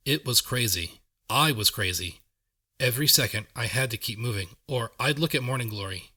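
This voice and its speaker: A man narrating a story in the first person, reading in a measured, steady way. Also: mid-range voice. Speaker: audiobook narrator.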